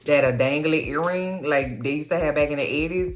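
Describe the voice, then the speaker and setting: A woman recapping a TV episode in casual, blunt, profane chat, swooping up in pitch to stress her points. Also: brisk, faint music behind. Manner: blunt, profane, chatty commentary; expressive, swoops high for emphasis. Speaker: TV recap vlogger.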